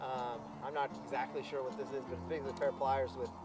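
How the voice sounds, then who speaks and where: A man's voice: medium pitch, flat delivery, fast talker. A man explaining farm fencing in a casual how-to vlog, rambling with lots of ums and uhs, outdoors on a farm. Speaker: farmer vlogger. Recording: music playing underneath. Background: music.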